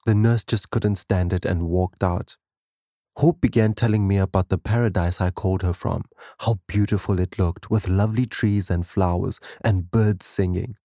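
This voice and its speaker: A man's voice: low voice, warm tone, dry recording, clean studio sound. A man giving an emotional spoken testimony, telling the story earnestly to his listeners.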